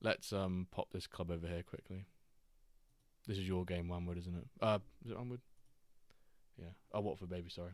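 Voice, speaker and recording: A man hosting a live game stream, chatting casually, greeting viewers and reacting excitedly to player stats. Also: low voice, no room sound. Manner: chatty, reacts to chat readers by name, quick excited asides. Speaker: streamer host.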